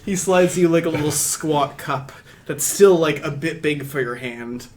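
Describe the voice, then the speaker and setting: A man narrating a tabletop game as game master, relaxed and rambling, with casual asides. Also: on the high side, measured pace, slight background noise.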